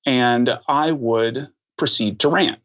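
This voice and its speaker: Man talking as a podcast guest, mid pitch, lots of ums, kinda dull muffled audio. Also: takes it slowly, fairly bright tone. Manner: thoughtful, many ums and restarts. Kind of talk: casual interview talk.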